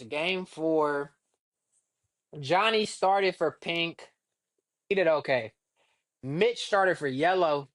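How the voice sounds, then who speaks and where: A man co-hosting a casual reaction podcast, talking in a relaxed, slangy way and saying "bro" a lot. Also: high-pitched. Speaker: podcast co-host.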